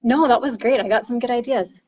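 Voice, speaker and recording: A woman's voice: a little high, steady tone, a little fast, dark tone, breathy edge, highs cut off. A woman leading a children's song lesson in a sing-song teacher voice, demonstrating a paper-folding activity. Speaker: primary chorister.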